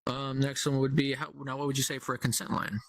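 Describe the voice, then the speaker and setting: A man's voice: mid-range voice, flat delivery, fast, no room sound, low-quality recording. A man interviewing an auditioner, reading questions in a laid-back, slangy way.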